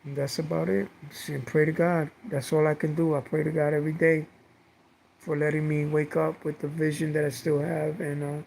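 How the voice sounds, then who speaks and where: Middle-aged guy vlogging at home, gravelly voice sitting kinda high, rambly and heartfelt, says the same thing twice. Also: level tone, normal speed, a little mellow, slight background noise, poor audio. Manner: rambling, heartfelt, repeats words with many fillers. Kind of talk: casual personal storytelling.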